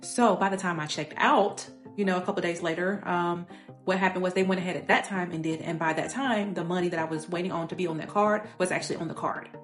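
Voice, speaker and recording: Woman, chatty earnest vlog storytelling, lots of "you know", talks fast. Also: fairly low pitch, steady tone. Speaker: vlogger. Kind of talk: personal storytelling monologue. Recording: echoey room with faint music.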